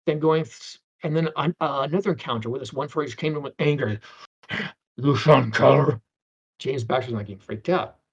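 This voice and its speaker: A man's voice: fairly high pitch, quick pace, few pauses, slightly rough. A middle-aged man, a guest on an interview, telling anecdotes in a rambling way with many restarts and acted-out voices. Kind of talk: anecdotal storytelling. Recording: dull lo-fi sound.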